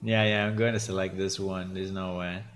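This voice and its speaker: A man's voice: low-pitched, flat delivery, normal speed, fairly bright tone, slight background noise. A man, a game developer on a casual livestream, thinking aloud hesitantly with many fillers and tag questions. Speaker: game developer streaming his work.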